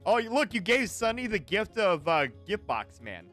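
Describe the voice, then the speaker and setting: A man's voice: high-pitched, very animated, normal speed, a bit bright, soft background music. A man hosting a game stream, chatting playfully with a co-host and reading chat aloud.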